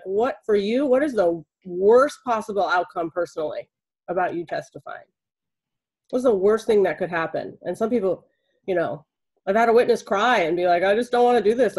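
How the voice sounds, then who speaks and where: A woman's voice: medium pitch, darkish tone, rough recording. A woman jury consultant speaking conversationally on a webinar panel, explaining her points through anecdotes over a video call.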